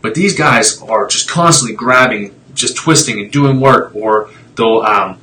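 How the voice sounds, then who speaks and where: A man's voice: medium pitch, measured pace, bright, forceful tone, slight background noise, low-quality recording. A man talking casually on a live stream, explaining x-rays in a blunt, fired-up way, with tangents and mild swearing. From Italian heritage.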